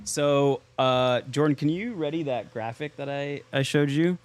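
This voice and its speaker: A man's voice: medium pitch, unhurried, smooth. A man co-hosting a podcast, steering the talk and explaining a chart of market data step by step. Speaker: podcast co-host. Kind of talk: casual chat, market commentary.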